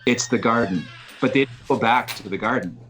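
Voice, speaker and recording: A man, a podcast guest, talking casually and retelling a story with animated restarts. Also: mid-range voice, a little fast, soft background music, rough recording. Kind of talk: casual conversation.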